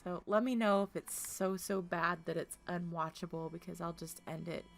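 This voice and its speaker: A woman's voice: on the low side, steady tone, moderate pace, vocal fry. A woman from Oklahoma streaming a game, chatting casually with her viewers, laughing often and talking earnestly about her feelings. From Tulsa, Oklahoma.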